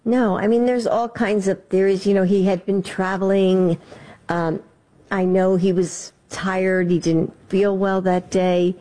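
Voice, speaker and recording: A woman being interviewed, answering hesitantly with many pauses and ums. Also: medium pitch, flat delivery, mellow. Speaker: interview guest.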